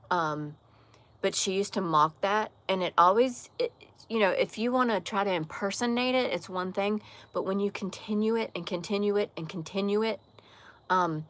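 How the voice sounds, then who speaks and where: Frank woman with a slight Southern accent. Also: fairly low pitch. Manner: candid, frank, with frequent restarts and trailing phrases. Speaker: livestream host. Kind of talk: casual livestream chat answering viewer comments. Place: outdoor porch.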